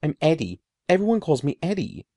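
A man voicing an upset young boy who talks shrill and demanding. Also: wildly swooping pitch, takes it slowly, vocal fry, a little mellow, husky, no echo, studio quality, heavily acted. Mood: pleading.

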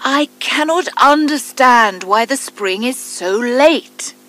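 A huge, grumpy, selfish giant, played by a woman reading a storybook booms out each slow, drawn-out line. The voice rises above her plain narrating tone and takes on a strained, unfamiliar edge. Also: lively intonation, heavily acted. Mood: wistful. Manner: loud, slow, drawn-out shouting.

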